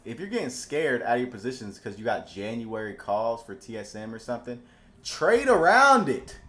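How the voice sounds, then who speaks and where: A man giving casual stock market commentary over charts, swinging from calm explanation to excited hype and often repeating himself. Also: fairly low pitch, fairly quick.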